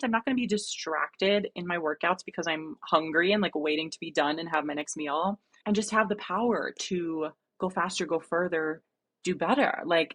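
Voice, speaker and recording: A young woman from New Jersey talks through advice as a podcast guest. Her voice sits slightly low, and she stays earnest and animated, laughing often. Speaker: guest, running dietitian coach. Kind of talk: casual podcast conversation.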